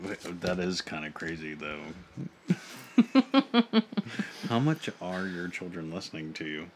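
Laughing, animated low-voiced man. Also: takes it slowly, slight background noise. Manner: laughs often, playful and animated. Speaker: podcast co-host. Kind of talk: casual chat.

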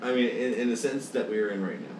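A man's voice: medium pitch, fast, echoey room, distant mic, noisy background. A man in casual chat, sincere and emphatic. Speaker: co-host.

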